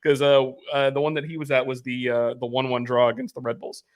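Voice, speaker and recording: A man's voice: mid-range voice, monotone, fairly quick, no echo, clean studio sound. A man hosting a sports fan podcast, speaking casually with many fillers and handing the floor to a co-host. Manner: hesitant, many ums and uhs, hands the floor over.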